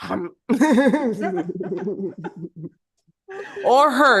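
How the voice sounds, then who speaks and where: A woman chatting casually about spiritual experiences, animated and slangy, laughing often. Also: a little high, moderate pace. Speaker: podcast co-host.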